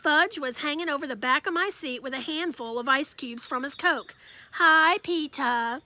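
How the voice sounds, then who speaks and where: A woman reading a children's novel aloud with lively storytelling. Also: high voice, moderate pace, dry recording. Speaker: reader.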